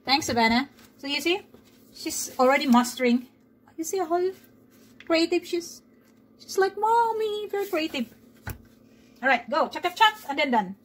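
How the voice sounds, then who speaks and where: A mother with a high, bright-sitting voice talks her daughter through each baking step, coaxing and chatty. Faint kitchen ambience hums behind her. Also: lively intonation, moderate pace, pauses often, slight background noise, rough recording. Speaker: home cook and mother. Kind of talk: casual cooking vlog.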